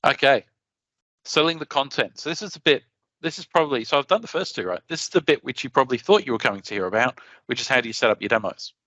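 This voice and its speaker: An Australian man giving a conference talk in a chatty, animated way, often restarting his sentences. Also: medium pitch, fast talker, dry recording. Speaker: conference presenter.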